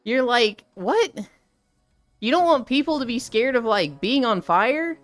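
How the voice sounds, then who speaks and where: A woman's voice: fairly high pitch, normal speed, dry recording, soft background music. A young woman streamer chatting casually and animatedly, swearing freely as she rants about a game's story. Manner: animated, profane, ranting about a game story. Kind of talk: casual live-stream chat.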